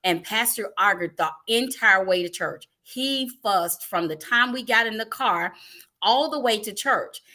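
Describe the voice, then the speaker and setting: A middle-aged woman hosting a live online church talk show, telling stories in a lively, animated way. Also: mid-range voice, measured pace. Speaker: ministry host.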